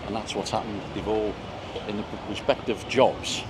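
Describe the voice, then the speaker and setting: A man in his fifties with a mild Liverpool accent and a deep voice, chatting and telling stories while out walking. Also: steady tone, moderate pace. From Liverpool, England. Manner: chatty storyteller, warm anecdotes. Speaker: vlog host. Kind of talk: casual chat while walking. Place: outdoors on a town street. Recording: outdoor street noise.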